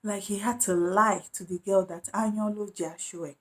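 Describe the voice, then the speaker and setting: Woman, casual storytime vlogger, animated, slips into other people's voices. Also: medium pitch, normal speed. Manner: animated, acts out quoted voices.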